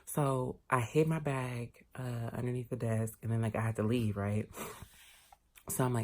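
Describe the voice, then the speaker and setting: A man vlogging a casual storytime, candid and expressive, swearing casually as he talks. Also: medium pitch, moderate pace.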